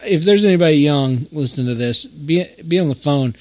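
A man's voice: on the high side, lively intonation, a little fast, a little mellow, no echo. A middle-aged man, hosting a podcast and telling stories in a rambling, folksy way with many fillers. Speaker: podcast host. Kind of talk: casual storytelling monologue.

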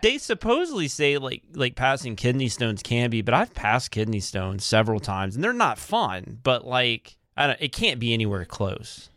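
A man's voice: mid-range voice, sing-song, moderate pace, hardly any pauses, a bit bright, no room sound. A man co-hosting a podcast in casual chat, laid-back and joking. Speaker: podcast co-host.

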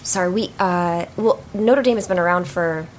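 A woman improvising a comedy scene, hesitant and flustered, with many pauses and ums. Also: on the low side, slight background noise. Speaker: improv performer. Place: small theater stage.

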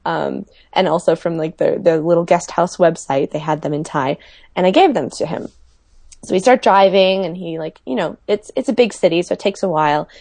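A woman with a low, gravelly voice tells travel stories in a relaxed, chatty way, full of fillers. Her voice sounds dry and close to the mic. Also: dry recording. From United States. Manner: chatty storyteller, many fillers. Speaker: guest telling travel stories. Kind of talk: casual podcast chat.

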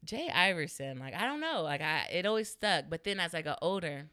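A woman's voice: on the low side, very animated, fairly quick, sharp tone, clear, resonant tone, no room sound, clean studio sound. A young woman in her twenties, a stand-up comedian, telling a story in a casual interview, laughing often and saying "like" a lot. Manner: laughs often, lots of "like" fillers.

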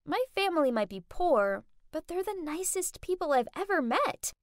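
A woman's voice: extremely high pitch, very animated, moderate pace, no room sound, clean studio sound. A woman narrating a first-person story in a dramatic, gushing way.

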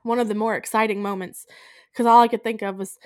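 A woman co-hosting a casual movie recap, animated and acting out characters' lines. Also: mid-range voice, fast talker, dry recording, studio quality. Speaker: podcast co-host.

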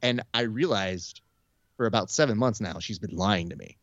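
Man, low voice, casual storytelling, animated, acts out quotes, dry sound, slightly muffled. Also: normal speed, no echo. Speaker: podcast host. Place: Burbank area.

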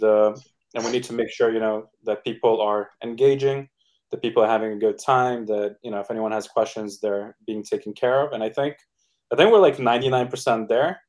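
A man in a casual podcast interview, speaking in a relaxed, upbeat way with lots of "uh" and "like". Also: fairly low pitch, brisk. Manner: relaxed, filler-heavy, upbeat. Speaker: NFT project co-founder guest.

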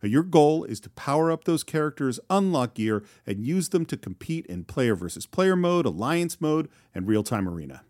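A man's voice: fairly high pitch, big pitch swings, moderate pace, few pauses, darkish tone, no echo, studio quality. A man co-hosting a podcast, reading a sponsor ad in an upbeat, salesy way. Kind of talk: scripted sponsor read.

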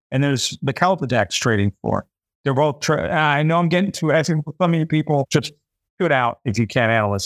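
A man's voice: mid-range voice, no echo. Man, podcast host, fervent faith talk, preachy, repeats himself, dry close sound. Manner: voices imagined listeners.

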